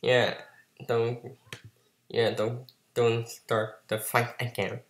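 A man's voice: mid-range voice, completely flat delivery, slow pace. A man casually commenting on a cartoon episode, chatty and playful. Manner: chatty, playful, mimics characters. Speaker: reaction video host. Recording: echoey room.

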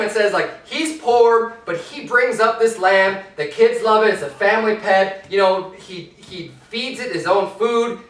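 A man preaching a sermon, reading scripture aloud and then explaining it in loose, everyday talk, rising in pitch and force when he presses a point. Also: a bit bright, echoey room, far from the mic, low-quality recording. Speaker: pastor.

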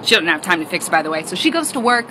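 A woman's voice: lowish voice, sing-song, fast talker, noisy background. A woman telling a personal story to camera with a sassy, exasperated delivery.

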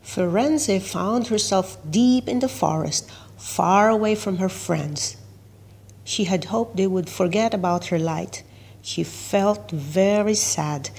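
Woman reading a kids' book aloud: gentle, husky, very slow. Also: mid-range voice. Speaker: children's book reader. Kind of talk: storybook read-aloud.

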